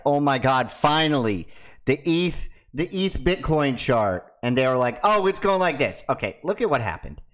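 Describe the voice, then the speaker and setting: A man hosting his own video, talking casually and ranting in a mocking way. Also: medium pitch. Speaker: crypto video host. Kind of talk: casual monologue to camera.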